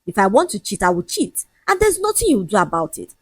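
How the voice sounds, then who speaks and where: A woman's voice: mid-range voice, huge pitch swings, fairly quick, husky, dry recording, studio quality. A woman voicing a smug, dismissive young man who mocks his fiancée in a folk-tale storybook reading. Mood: mocking. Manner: mocking, lecturing, casually shameless.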